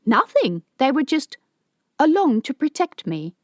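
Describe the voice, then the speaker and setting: A wary young heroine voiced by a woman narrator asks earnest, questioning lines a touch higher than the narration. The audiobook recording is dry and close. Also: very animated, measured pace, no echo.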